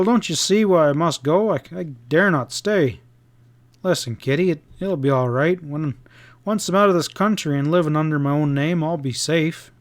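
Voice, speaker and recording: A frightened young cowhand from a western storybook, speaking in a hurried, faltering rush and tripping over his words, as a man reads him out. The voice sits a little high for a man. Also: lightly acted.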